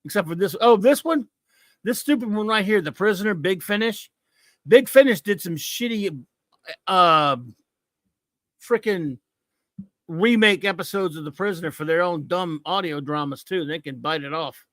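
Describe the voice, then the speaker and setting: A man's voice: high voice, moderate pace, a bit bright, no room sound, clean studio sound. A middle-aged American man hosting a comics talk show, ranting about a comic with mocking scorn. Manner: scornful, mocking, repetitive rants.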